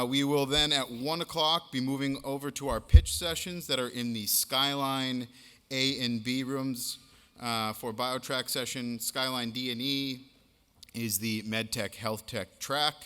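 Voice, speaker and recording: A man with a Boston accent hosting a conference, giving brisk, upbeat announcements to the room. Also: medium pitch, fairly even intonation, pushed and bright, clean tone. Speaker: event host. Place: conference hall. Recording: reverberant conference hall.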